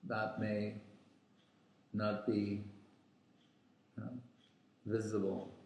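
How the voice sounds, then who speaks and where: A man giving a scriptural lecture as a spiritual teacher, speaking deliberately with many pauses and fillers. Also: fairly low pitch, monotone, darkish tone. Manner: slow and deliberate, pausing with fillers. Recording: very echoey room.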